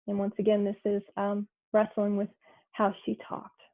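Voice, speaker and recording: A woman giving a poetry reading, slow and deliberate, pausing between phrases. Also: medium pitch, monotone. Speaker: poet. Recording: thin phone-like sound.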